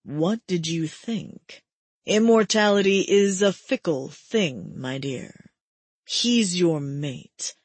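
A woman voicing a cruel, mocking male immortal villain with a breathy tone, speaking low and drawn-out. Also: darkish tone, no echo.

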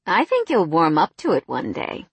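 A woman's voice: on the low side, wildly swooping pitch, normal speed, slightly rough, dry recording, exaggerated voice. A woman reading the part of a confident young man working as a masseur, coaxing and teasing.

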